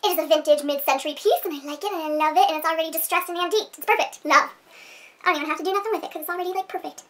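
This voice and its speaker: A woman's voice: very high voice, racing, fairly bright tone, recorded from a distance. A woman beauty vlogger chatting casually through a makeup tutorial, rambling and giggling as she talks to her viewers.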